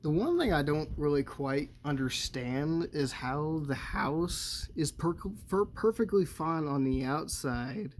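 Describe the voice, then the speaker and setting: A man's voice: on the high side, lively intonation, slow, hardly any pauses, slight background noise. Rambling, foul-mouthed young man. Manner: rambling, heavy swearing, chuckles often. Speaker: movie reviewer. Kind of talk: casual spoken movie commentary.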